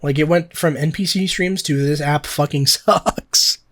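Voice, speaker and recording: A man's voice: a little high, steady tone, unhurried, a bit bright. A young man co-hosting a podcast in casual chat, rambling and swearing with lots of fillers. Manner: rambling, profane, filler-heavy. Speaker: podcast co-host.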